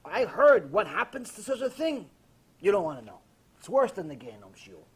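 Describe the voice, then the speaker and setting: A man who is a rabbi, giving a Torah lesson as a sermon and telling stories emphatically, dropping to a hush and then rising loud. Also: high-pitched, very animated, normal speed, slightly rough. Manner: emphatic storytelling, swinging from hushed to loud.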